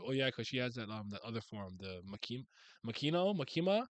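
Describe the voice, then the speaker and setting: A man giving a casual live reaction while reading manga, animated and slangy, laughing often and thinking aloud. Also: medium pitch, quick pace, dry recording.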